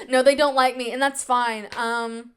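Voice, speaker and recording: A woman's voice: fairly high pitch, clean tone. A woman in her twenties hosting a podcast, telling stories from her own life in a chatty, self-mocking way with a sarcastic edge. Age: 20s. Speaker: podcast host. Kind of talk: casual chat.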